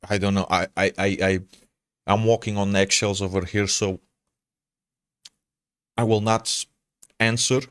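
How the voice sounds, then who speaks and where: Streamer, man with a blended Portuguese accent, lowish voice, dry close mic, halting chatty delivery. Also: little pitch movement, a bit bright, clear, resonant tone, no echo. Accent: Portuguese, mixed. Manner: hesitant, stammers and restarts, calls people brother. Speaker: game streamer. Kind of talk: casual chat answering viewers.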